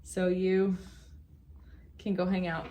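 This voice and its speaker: A woman's voice: fairly low pitch, level tone, slow, dark tone. A young woman vlogging about knitting at home in a chatty, rambling way that wanders off topic. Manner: chatty, rambling, easily sidetracked. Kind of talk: casual chat.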